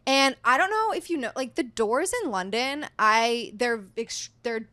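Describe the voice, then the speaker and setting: A woman in her thirties, a podcast guest, telling a dating story in an animated, chatty way full of "like". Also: a little high, measured pace, no room sound. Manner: chatty, heavy use of "like", animated retelling. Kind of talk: casual storytelling chat.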